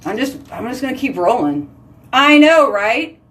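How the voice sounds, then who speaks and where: A woman's voice: a little high, sing-song, measured pace, fairly bright tone, far from the mic. A woman hosting a casual live video chat, telling giggly stories and answering viewer comments. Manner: chatty, giggly storytelling. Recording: voice slightly off-mic.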